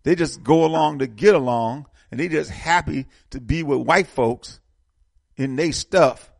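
A man's voice: a little high, measured pace, creaky, dry recording, clean studio sound. A man hosting a casual political talk show, speaking with passion and often repeating words as he builds momentum. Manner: impassioned, repeats words when fired up.

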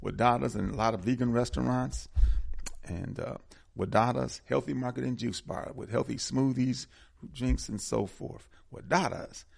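A man's voice: mid-range voice, steady tone, normal speed, gravelly, a little mellow. A man hosting community announcements, talking casually and repeating the details and phone numbers. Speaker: community radio host. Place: Atlanta area.

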